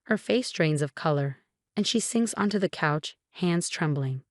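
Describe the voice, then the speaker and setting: A woman narrating a first-person drama story, reading every voice in one steady tone. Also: on the low side, a little slow, no room sound, clean studio sound.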